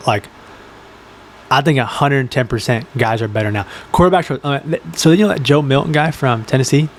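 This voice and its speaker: A young man talking in a loose, rambling podcast chat, full of fillers and quick acted-out quotes. His pitch sits in an ordinary middle range. A faint hiss of noise sits under the recording. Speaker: podcast co-host. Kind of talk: casual chat.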